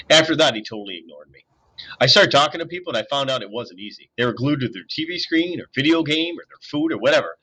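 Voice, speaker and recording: Guy reading a book out loud, expressive, bright kinda raspy voice. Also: mid-range voice. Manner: expressive, animated storytelling. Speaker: audiobook reader. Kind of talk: reading a novel aloud.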